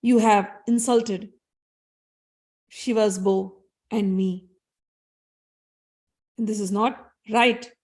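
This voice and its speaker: A woman's voice: medium pitch, steady tone, drawn-out words, pauses often, darkish tone. A woman voicing a furious older male warrior-sage who scolds and threatens in a storytelling retelling. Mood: angry. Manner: scolding, accusing.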